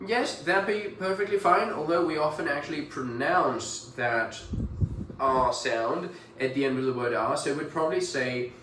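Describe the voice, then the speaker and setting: A British man tutors pronunciation in a fairly high voice, modelling each word and praising the attempts. He sounds a little off-mic in an echoey room. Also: fairly bright tone, recorded from a distance, slight background noise. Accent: British English. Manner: encouraging, models words slowly and repeats them. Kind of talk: one-on-one pronunciation coaching.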